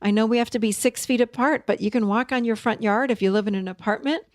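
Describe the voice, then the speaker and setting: A woman's voice: on the high side, fairly even intonation, quick pace, no room sound, clean studio sound. Emphatic woman, self-help host. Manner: warm, emphatic, repeats key words. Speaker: podcast host and therapist. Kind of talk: encouraging self-help talk to listeners.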